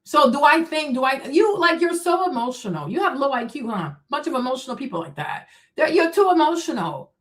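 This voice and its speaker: A woman with a high-pitched voice hosts a live stream, reacting to chat comments. She talks in a combative, mocking tone, throwing rhetorical questions and answering them herself. Her speech is heavy with profanity and scorn. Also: very animated, fairly quick, hardly any pauses. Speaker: streamer host.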